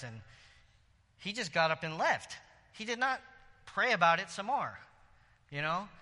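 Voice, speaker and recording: A man delivers a sermon in a church hall, chatty and animated, tossing out "right?" asides to his listeners. His voice is bright and forceful with a slightly higher pitch. A long reverb trails after each phrase. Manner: conversational, animated preaching with frequent "right?" asides and laughs. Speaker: pastor.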